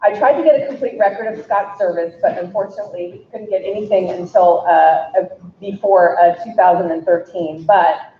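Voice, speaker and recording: A middle-aged woman, an executive director, giving a casual, halting tribute speech with fillers and throat clearing. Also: mid-range voice. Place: indoor event hall. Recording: echoey, dull hall recording with faint noise.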